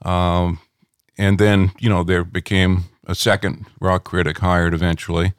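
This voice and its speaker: A middle-aged man, a rock critic, telling anecdotes in a relaxed interview at home, rambling with many fillers. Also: sits low, unhurried, clear, resonant tone, dry recording, clean studio sound.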